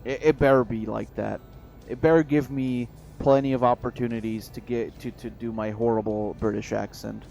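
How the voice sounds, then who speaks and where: A man's voice: mid-range voice, fairly even intonation, gravelly, a little mellow, soft background music. A man chatting casually on a stream, rambling and swearing with frequent restarts. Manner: rambling, profane, halting restarts.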